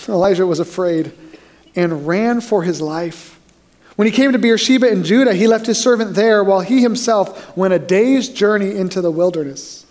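Male pastor with a high voice, animated storyteller who sinks to near-whispers at key points. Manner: animated storyteller who drops to a hushed voice for emphasis. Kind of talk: sermon.

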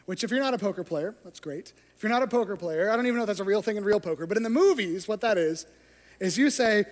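A pastor delivers a sermon in a high, expressive male voice, talking fast as he tells stories and acts out the scenes. The recording carries a long hall reverb.

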